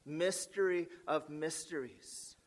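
A pastor delivers a sermon in a measured, emphatic way, stacking up repeated phrases and putting rhetorical questions to his congregation. His voice sits a little high.

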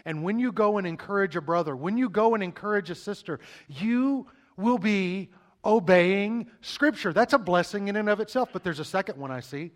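A middle-aged man preaching from the pulpit in a fairly high voice. He drives his points home emphatically and tumbles over repeated words when he gets going. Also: lively intonation, moderate pace. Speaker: pastor. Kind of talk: sermon.

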